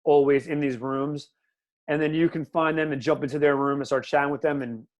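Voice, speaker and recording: Man in his 30s, podcast host, slightly high voice, loose rambling chat, filler-heavy. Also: fairly even intonation, a little fast. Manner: loose, rambling, says "like" and "you know" often. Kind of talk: casual chat.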